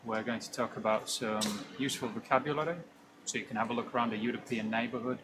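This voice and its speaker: A man's voice: medium pitch, fairly even intonation, fast, background noise. A British man giving an English vocabulary lesson while walking down a city street, explaining at an easy pace with frequent ums. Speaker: English teacher.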